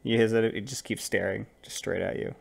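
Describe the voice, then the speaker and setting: A man narrating as game master of a tabletop game, relaxed and rambling, with frequent fillers. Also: on the low side, quick pace, creaky, crowd noise.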